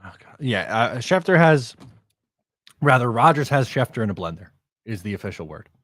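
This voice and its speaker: A man hosting a live stream, chatting casually and bluntly, excitable and a bit out of breath. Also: mid-range voice, moderate pace, no echo, clean studio sound. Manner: excitable, blunt, reacts to chat.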